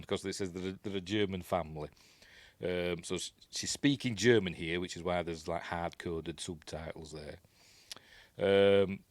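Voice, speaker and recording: A film reviewer from Yorkshire, England, gives a casual, rambling breakdown of a movie, full of ums and asides. His voice is deep and there's no echo.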